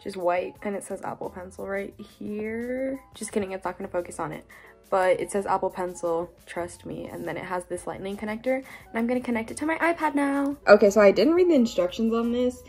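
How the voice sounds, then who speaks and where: A young woman chatting casually through an unboxing vlog at home, excitable and self-deprecating. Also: medium pitch, a little fast, vocal fry, soft background music. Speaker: vlogger. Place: home workspace.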